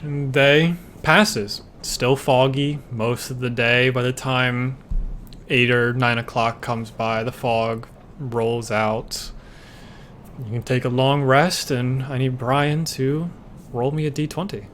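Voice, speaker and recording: A man's voice: mid-range voice, fairly even intonation, slow pace, fairly bright tone, a little hiss or hum. A man running a tabletop role-playing game, narrating scenes and calling for dice rolls in a laid-back way. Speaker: game master.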